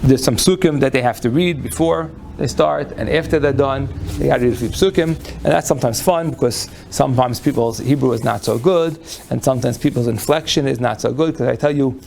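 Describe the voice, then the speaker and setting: Gravelly-voiced man giving a lecture. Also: medium pitch, a little fast, few pauses, darkish tone, slight background noise. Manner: folksy, repeats and restarts phrases. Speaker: lecturer on Jewish law. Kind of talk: lecture with audience questions. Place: lecture room before an audience.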